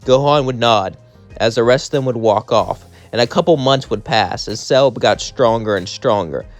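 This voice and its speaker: A man's voice: medium pitch, moderate pace. Man narrating a fan story over music. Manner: conversational, plain. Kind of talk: casual fan-fiction storytelling. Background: faint music.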